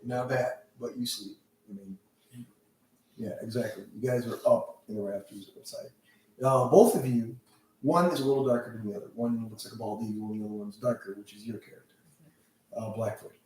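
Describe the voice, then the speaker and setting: A man's voice: mid-range voice, fairly even intonation, a little fast, darkish tone. A man narrating a tabletop role-play game as game master, rambling loosely with many fillers. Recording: echoey room, mic far off, faint noise.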